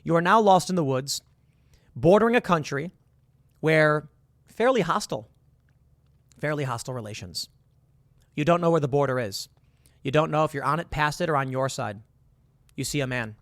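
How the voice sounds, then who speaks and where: A man's voice: fairly high pitch, animated, moderate pace, pauses often, fairly bright tone, no room sound. A man hosting a casual commentary monologue, walking the listener through hypothetical scenarios and rising to emphatic bursts. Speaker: political commentary host.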